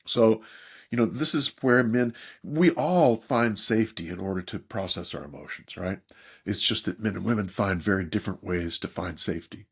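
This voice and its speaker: A man's voice: on the low side, moderate pace, breathy edge. An older man, a therapist and author, speaking as a podcast guest in an emphatic storytelling manner. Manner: animated, emphatic storyteller, mimics others in quotes.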